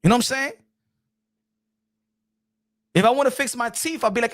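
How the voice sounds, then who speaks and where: A man giving casual livestream commentary, animated and rambling, with frequent restarts, laughs and bursts of shouting. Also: extremely high pitch, normal speed. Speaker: boxing commentary streamer.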